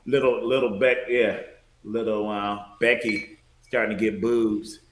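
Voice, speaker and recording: A man from Detroit, a former bouncer, chatting as a podcast guest in a relaxed, storytelling way. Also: fairly low pitch, measured pace, background noise. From Detroit, USA. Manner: relaxed, storytelling, laughs easily. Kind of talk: casual chat. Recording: echoey room.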